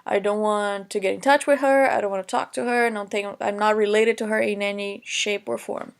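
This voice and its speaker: A young adult woman teaching Portuguese in a recorded lesson, explaining examples slowly in English and Portuguese with many fillers. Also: medium pitch, fairly even intonation, gravelly, clean tone. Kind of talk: recorded online lesson lecture.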